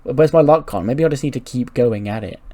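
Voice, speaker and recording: A man's voice: medium pitch, fairly quick, mellow, close to an everyday voice. A man voicing a down-on-his-luck male gambler who keeps betting, self-pitying and stubborn.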